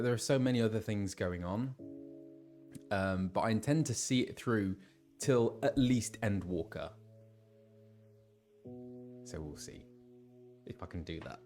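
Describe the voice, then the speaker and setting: A man's voice: fairly low pitch, darkish tone. A man who voices game characters, chatting casually with his live-stream viewers and reading out where they are from. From England.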